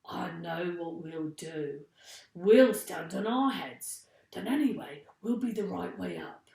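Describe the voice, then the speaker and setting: A woman reading aloud, voicing a gruff, blustering nasty old man. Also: fairly low pitch, animated, slow pace, darkish tone, exaggerated voice. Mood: flustered. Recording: roomy echo.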